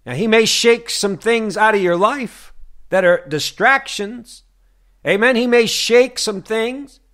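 Fervent slow-preaching man. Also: high-pitched, fairly bright tone. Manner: fervent, rhetorical questions to listeners. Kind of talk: sermon. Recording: broadcast sermon.

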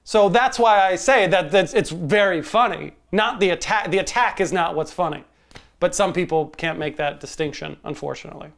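A man co-hosting a casual movie review podcast, wry and quick to laugh while making his points. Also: sits high, gravelly, a bit bright. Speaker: podcast co-host.

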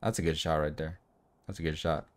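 A young man giving casual, excitable commentary over his own football video game, swearing and hyping the plays. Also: rumbling low, brisk. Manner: excitable, swears a lot, laughs and shouts at big plays. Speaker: gaming video creator. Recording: music bed under the voice.

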